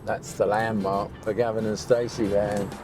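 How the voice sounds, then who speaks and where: A man's voice: lowish voice, flat delivery, moderate pace, over music. A man in joking, teasing banter with his co-presenter during a road trip in a vehicle. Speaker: travel show co-presenter. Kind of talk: casual chat on a road trip.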